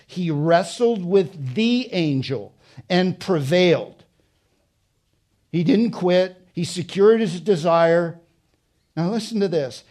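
A middle-aged man delivers a sermon with a slightly raised pitch and an unhurried, deliberate pace. He swings between loud, emphatic passages and hushed, quiet confession. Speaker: pastor.

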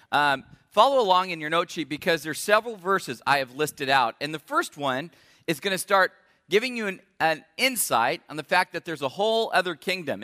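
Pastor guy giving a sermon, bright fairly high voice, echoey church hall. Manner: friendly, asks the congregation questions. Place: church sanctuary.

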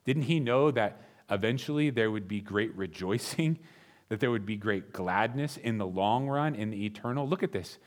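A male pastor preaching a sermon, reading scripture aloud and pressing his points earnestly, rising for emphasis and slowing on key phrases. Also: lowish voice.

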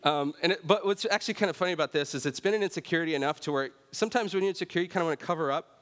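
A man preaching a sermon in a relaxed, conversational way, often checking in with "right?". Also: fairly high pitch, racing. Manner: conversational, self-deprecating, often says "right?". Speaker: pastor. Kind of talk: sermon with personal story. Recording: long reverb of a large hall.

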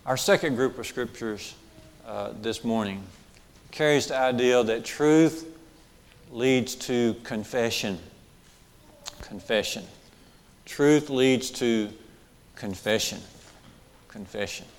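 With a medium-pitched voice, a male preacher moves slowly through his sermon, leaving long pauses, and the sound carries the feel of a big room. He leans on repeated key phrases and checks in with listeners by asking questions and saying "okay" frequently.

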